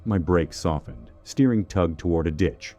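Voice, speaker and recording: A man's voice: sits low, animated, moderate pace, mellow, faint music behind. A man narrating a first-person horror story in a dramatic, scripted way.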